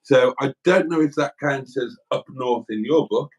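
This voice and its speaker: A middle-aged man from South Wales chats through a livestream, reading viewer comments aloud in a rambling, self-mocking way. His voice sits at an ordinary mid pitch. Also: moderate pace, slightly rough. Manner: rambling, self-deprecating, chatty. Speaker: livestream host.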